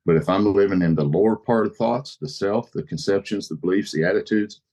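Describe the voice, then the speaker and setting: Podcast guest, male, deep register, earnest personal sharing with repeated phrases. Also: a little fast, mellow.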